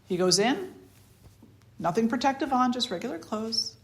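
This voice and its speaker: Woman giving a relaxed spiritual talk. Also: a little high, normal speed. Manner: conversational storytelling, acting out voices in quotes. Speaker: spiritual teacher. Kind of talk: informal dharma talk.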